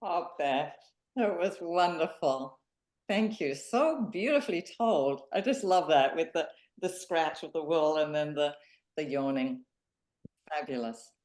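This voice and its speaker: Low-voiced woman host. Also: expressive, a little slow, darkish tone. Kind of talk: casual hosting. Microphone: video call.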